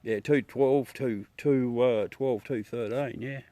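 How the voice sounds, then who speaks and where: A man's voice: medium pitch, slow pace, warm tone, no room sound. An Australian man livestreaming outdoors at night, rambling chattily to his viewers through a smartphone. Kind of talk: casual live chat.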